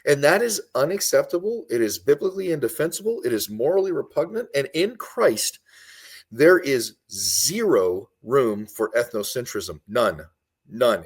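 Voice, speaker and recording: Husky, emphatic man on a podcast. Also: mid-range voice. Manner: emphatic, repeats points for stress. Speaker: guest commentator. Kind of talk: impassioned podcast discussion.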